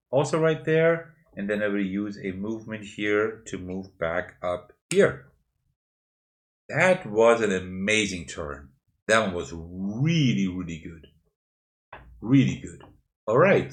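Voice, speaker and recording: A man hosting a board game channel, talking through a solo tabletop playthrough and explaining each move step by step as he handles the pieces. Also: on the low side.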